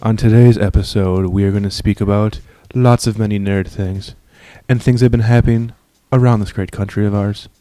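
A man putting on a low, flat public-radio style monotone as a joke. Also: brisk, hardly any pauses, no echo, natural voice. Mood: deadpan.

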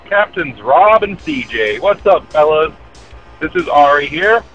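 A man's voice: a little high, lively intonation, unhurried, fairly bright tone, highs cut off, faint music behind. A man leaving a recorded listener message for a podcast, talking in a chatty, rambling way.

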